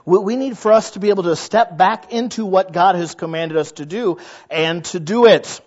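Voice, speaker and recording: A man's voice: sits high, normal speed, darkish tone, highs cut off. A man preaching a sermon in a conversational way, acting out the thoughts of his listeners. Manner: conversational, acts out quoted inner voices. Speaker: pastor.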